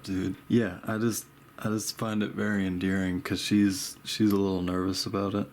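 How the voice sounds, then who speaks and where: A man's voice: low voice, level tone, moderate pace, slight background noise. A young man chatting casually while he paints, laid-back and rambling, with a habit of saying dude and bro. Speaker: art vlogger.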